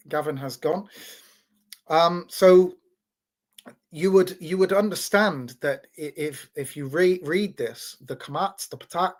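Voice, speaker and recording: A man's voice: fairly high pitch, a bit bright. A man in a casual talk, explaining in a teaching tone with many restarts and repeated words, checking in with "right?". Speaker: podcast host.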